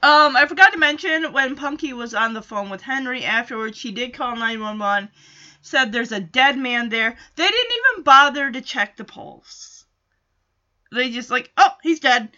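A woman hosting a casual recap of a TV episode, excitable and quick to laugh, acting out lines as she goes. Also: a little high, highs cut off. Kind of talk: casual chat.

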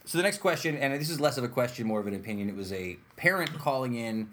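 A man's voice: mid-range voice, quick pace, slight background noise. Man hosting a chatty podcast. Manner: animated storyteller, lively acted-out quotes. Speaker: podcast host. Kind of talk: casual podcast chat.

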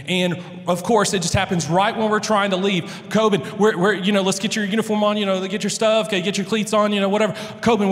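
A man in his thirties, a pastor, telling family stories in a chatty, rambling way with many restarts. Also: high voice. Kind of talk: casual storytelling sermon. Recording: long reverb of a large hall.

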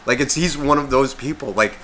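A man's voice: medium pitch, a little fast, bright, forceful tone, slight background noise. Rambling, swearing male podcast co-host. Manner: profane, loose and rambling. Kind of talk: casual podcast chat.

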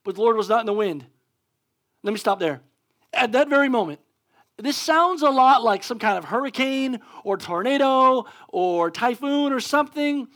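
A man preaching a sermon as pastor, casual and conversational, acting out scenes with animated energy. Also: extremely high pitch, moderate pace.

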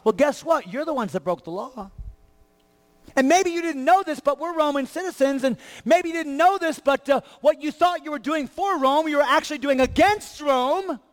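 High-voiced emphatic preacher in a reverberant church. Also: male voice, lively intonation, moderate pace. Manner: emphatic preaching with rhetorical repetition. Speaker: pastor. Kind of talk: sermon.

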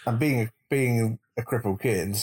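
A man's voice: medium pitch, normal speed, darkish tone, husky. A man in a casual film podcast chat who asks tentative questions and adds short agreements. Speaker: podcast co-host.

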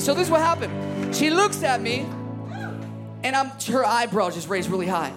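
A man's voice: extremely high pitch, animated, moderate pace, pauses often. A man from Chicago preaching a sermon in a church, fervent and emphatic, calling out to the crowd. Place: church service. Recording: music playing behind. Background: music.

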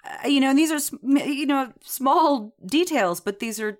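Here a woman with a high, animated, unhurried voice co-hosts a podcast about a TV series. The chat is casual and wanders off on tangents, packed with fillers and plenty of laughter.

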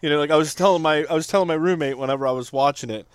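A man's voice: a little high, very fast, clean tone, no echo. A young man co-hosting a movie podcast, chatting casually and animatedly, laughing often. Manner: animated, laughs often, does mocking impressions. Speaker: podcast co-host. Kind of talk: casual chat.

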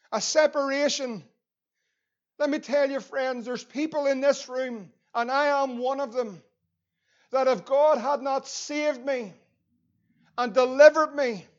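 A man's voice: extremely high pitch, dull audio. A man with a Northern Irish accent preaching a sermon as pastor, earnest and repeating phrases for emphasis.

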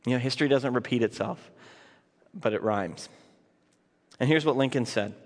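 A man's voice: mid-range voice, normal speed. Man preaching in an echoing hall. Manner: stammering restarts, conversational and earnest. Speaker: pastor. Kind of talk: sermon. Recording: long reverb of a large hall.

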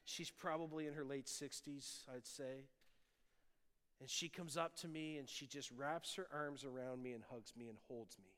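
A man's voice: medium pitch, fairly even intonation, moderate pace. Man preaching in an echoing church. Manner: personal testimony, swings from loud appeals to hushed tender lines. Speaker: pastor. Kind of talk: sermon. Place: church sanctuary. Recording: long church hall reverb.

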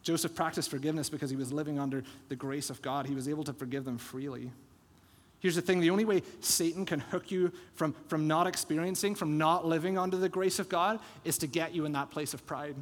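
A man preaching a sermon as pastor, telling a Bible story with lively acted-out quotes. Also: fairly high pitch, fairly quick. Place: church sanctuary. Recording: long church hall reverb.

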